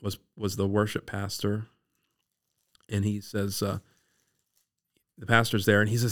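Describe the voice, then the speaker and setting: A man from the Eastern Shore of Maryland tells a personal story as a podcast guest. His voice sits low and sounds smooth and resonant. He tells it in an animated way. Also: normal speed, pauses often. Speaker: guest sharing his testimony.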